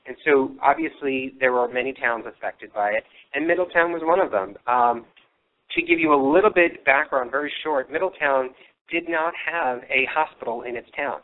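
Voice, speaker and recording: A man's voice: medium pitch, moderate pace, slight background noise. A man hosting a live paranormal investigation broadcast, telling local history in a rambling way with many fillers, his voice a little worn. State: losing his voice. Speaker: paranormal radio show host. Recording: tinny phone-line sound.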